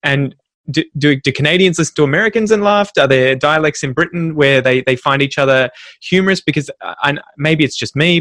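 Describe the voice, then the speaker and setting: A man hosting a casual interview chat, asking curious, animated questions and laughing easily. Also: fairly high pitch, a little fast, no echo. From Australia.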